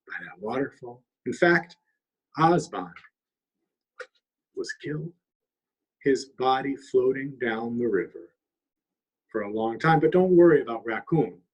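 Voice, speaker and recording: A man telling a traditional trickster story aloud, lively and weaving in Abenaki words. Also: mid-range voice, slightly rough, poor audio. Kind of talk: oral storytelling. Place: longhouse.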